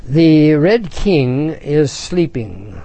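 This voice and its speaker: A man delivers a spiritual talk in a warm, mellow voice. He speaks slowly and reflectively, often pausing and correcting himself. He reads book passages aloud to make his points. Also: on the high side, very animated, gravelly, low-quality recording. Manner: reflective, unhurried, with halting restarts. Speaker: spiritual teacher.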